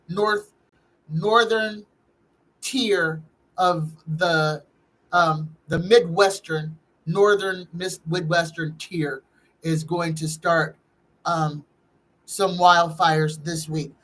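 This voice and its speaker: A woman's voice: lowish voice, poor audio. A woman, a psychic host chatting casually on a live-stream tarot reading, reading viewer questions aloud and greeting chatters by name.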